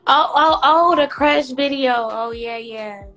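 A woman's voice: sits high, slow pace, fairly bright tone, soft background music, poor audio. A young woman from Atlanta bantering playfully with her mother on a phone livestream. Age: young adult. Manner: playful, bantering, Southern slang. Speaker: daughter on a live video chat. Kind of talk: casual chat on a livestream.

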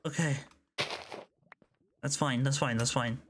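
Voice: medium pitch, fairly even intonation, slow pace, background noise. A gaming video creator giving casual gameplay commentary, jittery and repeating phrases over and over when flustered, with nervous laughs.

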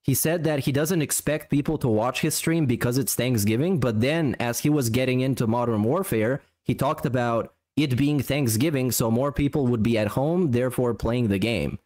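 A man's voice: mid-range voice, normal speed, few pauses, a little mellow. A man co-hosting a podcast in casual chat, dismissive and critical. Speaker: podcast co-host.

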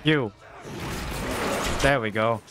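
Slow, laid-back gaming host. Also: male voice, medium pitch. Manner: laid-back, joking, reads on-screen tips aloud. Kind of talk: casual game commentary. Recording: voice over loud game music.

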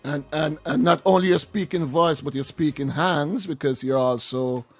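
A man hosting a casual interview, reading out listener questions in a relaxed way. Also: fairly high pitch, moderate pace, music in the background. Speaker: host.

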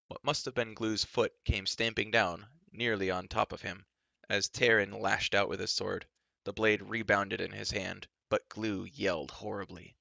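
Male storybook reader, low gravelly voice, dramatic read. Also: fairly even intonation, unhurried, pushed and bright, dry recording. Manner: dramatic narration. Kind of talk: live storybook reading.

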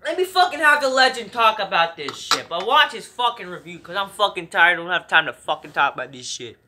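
A man's voice: high voice, big pitch swings, a little fast, echoey room, background noise. A man ranting in a wrestling review vlog, angry, cursing nonstop and rambling through restarts. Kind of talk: profane ranting commentary.

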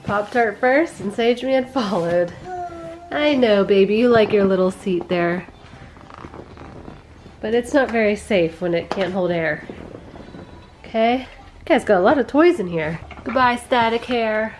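A young woman, a mother, narrating a casual family vlog at home and talking gently to her toddlers. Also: mid-range voice, expressive, measured pace, pauses often, slight background noise.

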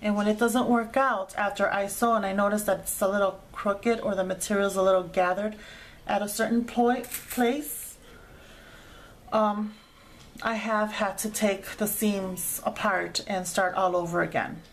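A woman's voice: mid-range voice, steady tone, measured pace, a little hiss or hum. Chatty woman talking through a sewing project. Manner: chatty, explains each step with fillers. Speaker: craft tutorial host. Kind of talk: casual sewing tutorial narration.

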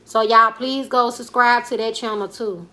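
A woman's voice: fairly high pitch, fairly even intonation, moderate pace, pushed and bright. A woman in her twenties, a comedian chatting casually on a live stream, rambling in slangy talk and reading viewer comments aloud. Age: 20s. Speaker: comedian and YouTuber.

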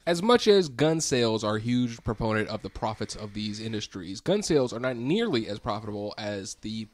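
A man's voice: on the low side, big pitch swings, fairly quick. A man co-hosting a comedy podcast, explaining facts with wry joking asides. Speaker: podcast co-host. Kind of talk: casual comedy podcast chat.

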